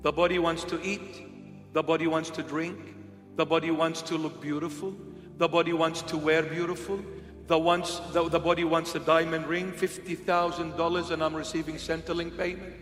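Aussie preacher guy, high voice, joking around, long hall reverb. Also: level tone, moderate pace, a bit bright. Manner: humorous, conversational preaching with playful impressions. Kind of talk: sermon. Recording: echoey hall with faint music.

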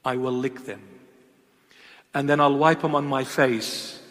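A man preaching an impassioned sermon, swinging between loud emphatic calls and hushed, intimate asides. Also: mid-range voice, fairly even intonation, unhurried, big-room sound.

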